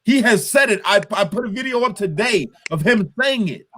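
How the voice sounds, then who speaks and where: A man with an unusually high voice rants through a heated political discussion. His pitch swings widely as he curses and hammers the same point again and again. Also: animated, normal speed, fairly bright tone. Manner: profane, ranting, emphatic repetition. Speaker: host.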